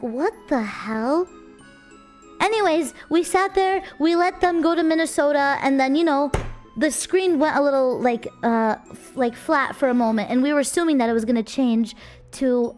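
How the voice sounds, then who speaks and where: A young woman streamer telling a story in a casual, chatty, animated way. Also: sits high. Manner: animated, chatty, checks in with "right?".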